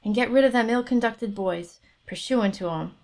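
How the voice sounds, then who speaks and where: A woman's voice: a little high, moderate pace, a little mellow, close to an everyday voice. A woman voicing a grateful stray dog in a read-aloud folk tale.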